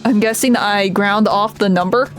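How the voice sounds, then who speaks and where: A woman's voice: mid-range voice, moderate pace, soft background music. A woman streamer giving chatty, giggly commentary while she plays a game. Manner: chatty, giggly, thinking aloud. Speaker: VTuber streamer. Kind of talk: casual gameplay commentary.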